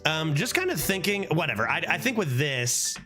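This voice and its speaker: A man's voice: fairly high pitch, moderate pace, faint music behind. A man streaming a card game, chatting casually, swearing and breaking into laughing outbursts. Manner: animated, swears often, frequent laughing outbursts. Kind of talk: casual gameplay commentary.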